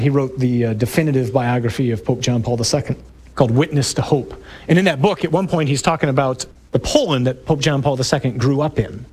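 A man's voice: mid-range voice, darkish tone. A male priest giving an emphatic, conversational talk to a group, with rhetorical questions.

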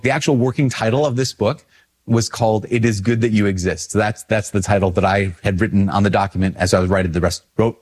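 A male priest talks casually to a video audience in a fairly low voice, animated and self-deprecating, often jumping up in pitch when he acts out his own reactions. The talk rambles and corrects itself in a friendly, unscripted way.

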